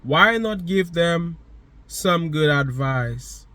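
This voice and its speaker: A man's voice: fairly high pitch, lively intonation, extremely slow, pushed and bright. A man giving a motivational monologue, speaking to the listener directly with emphatic, repeated phrases.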